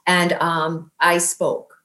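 A woman in her fifties telling an emotional personal story in an earnest, halting way, with many fillers, her voice rising when she quotes herself. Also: on the low side, level tone, sharp tone, reverberant.

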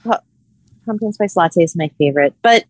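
A tired woman co-hosting a podcast, chatting in a relaxed, drawn-out way. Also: fairly low pitch, no room sound, rough recording. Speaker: podcast co-host. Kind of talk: casual chat.

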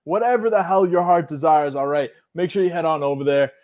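A high-pitched young man hams up an ad read on a casual podcast. He is loud and playful, joking with his co-host between the lines. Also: a little fast. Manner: loud, hyped, jokey. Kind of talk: casual podcast banter with ad reads.

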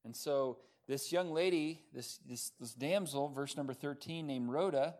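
A man preaching a sermon, telling the story in a lively, animated way with casual fillers and asides. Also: medium pitch, a little slow. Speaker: pastor.

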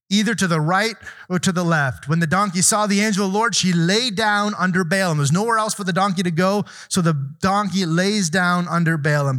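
A man's voice: fairly high pitch, fairly bright tone. A man preaching a sermon, reading Bible verses aloud and explaining them with asides and questions to the congregation.

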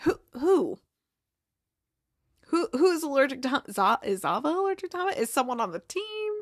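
A woman's voice: high voice, sing-song, normal speed, no room sound, clean studio sound. A woman casually recapping a TV episode, rambling and chatty with lots of asides. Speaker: TV recap host.

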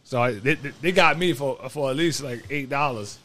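A man's voice: mid-range voice, normal speed, sharp tone. A man chatting casually with friends, rambling through a story with many restarts. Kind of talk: casual chat.

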